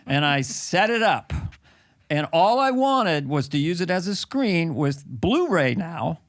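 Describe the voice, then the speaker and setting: A male podcast host tells a story in a lively, laughing way. His voice is high and jumps around a lot. The recording is close and dry. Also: takes it slowly, dry recording. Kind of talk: casual chat.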